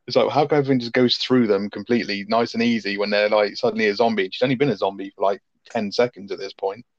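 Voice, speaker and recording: A quick, sweary man chatting about a film, his voice sitting fairly low. The sound is dry and a little dull, like a home podcast setup. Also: no echo. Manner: sweary, animated, quick-talking. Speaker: podcast co-host. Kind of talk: casual film review chat.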